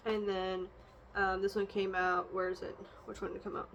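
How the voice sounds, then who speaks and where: A woman's voice: mid-range voice, little pitch movement, moderate pace, a bit bright, a little hiss or hum. A young woman casually talking through an oracle card reading and her feelings, rambling, with frequent fillers and restarts. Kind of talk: casual reflective vlog.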